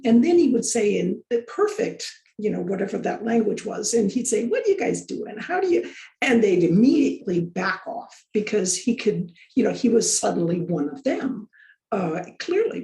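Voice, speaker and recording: A woman's voice: mid-range voice, creaky, dark tone. A woman teaching a course, chatting casually on a video call in a rambling way with lots of fillers. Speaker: course instructor. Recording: roomy echo.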